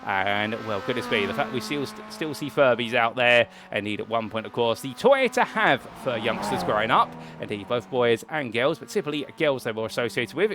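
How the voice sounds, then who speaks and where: A man's voice: mid-range voice, a bit bright, slight background noise. A British man in his thirties, commentating a sim racing qualifying session in a chatty, rambling way with polite turns of phrase. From United Kingdom. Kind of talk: solo race commentary.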